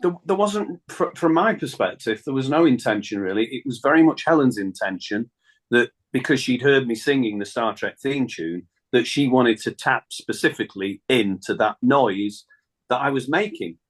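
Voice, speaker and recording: A man's voice: mid-range voice, expressive, normal speed. Chatty man telling stories. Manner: chatty storyteller, laughs often, acts out phone calls. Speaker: guest singer. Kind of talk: casual interview anecdote. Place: radio studio.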